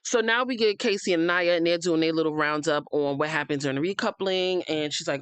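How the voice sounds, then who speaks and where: She sits low in pitch, speaks a little fast, and has a clean tone with no room sound. The American host delivers a blunt, fired-up reality show recap, swearing liberally and calling out the cast by talking right to them.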